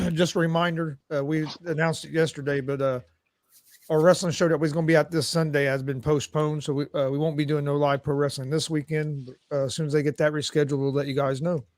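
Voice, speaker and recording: A man co-hosting a sports show, making announcements in a laid-back, halting way with many fillers. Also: on the high side, little pitch movement, darkish tone, no room sound. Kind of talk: casual announcement.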